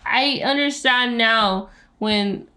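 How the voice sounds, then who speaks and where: A tipsy woman co-hosting a casual podcast chat, swearing freely and talking in an animated way. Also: on the high side, slow. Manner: loud, profane, animated, laughing. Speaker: podcast co-host.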